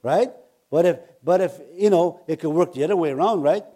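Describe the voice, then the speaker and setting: A man preaching a sermon. He reads scripture aloud and breaks off into casual, animated asides, with loud emphatic bursts. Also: on the high side, brisk.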